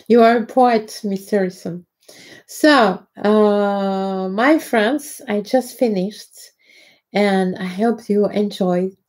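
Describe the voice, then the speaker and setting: A woman with a French accent hosting a live stream, talking in a halting way with many fillers and greeting viewers by name. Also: mid-range voice, a little mellow. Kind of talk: casual live-stream talk.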